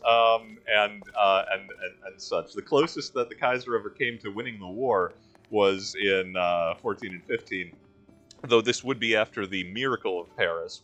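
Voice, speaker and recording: A man's voice: on the low side, fairly bright tone. A man giving casual, wry commentary while playing a role-playing game, with rambling history asides. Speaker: let's-play host.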